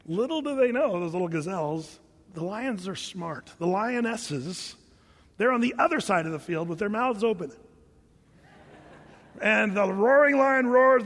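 A man's voice: high-pitched, fairly bright tone, big-room sound. An older man preaching a sermon, telling stories with humor and sound effects. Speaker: pastor.

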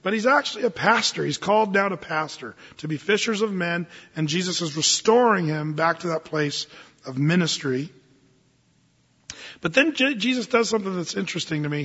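A man preaching a sermon as pastor, animated and conversational, reading scripture slowly and deliberately. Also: on the high side, husky, big-room sound, highs cut off.

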